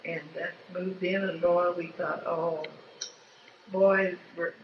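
Slow and level in tone, a lowish female voice recounts family history as an older woman's folksy, meandering oral history, frequently restarting her sentences. The dull lo-fi home tape has faint ambience and a noisy background.

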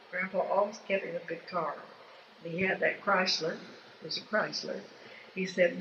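A woman's voice: sits low, measured pace, long pauses, sharp tone, a little hiss or hum. An older woman recalling family memories in a meandering, folksy way, often restarting her sentences. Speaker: interviewee telling family memories. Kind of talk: rambling oral history storytelling. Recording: dull lo-fi home tape with faint ambience.

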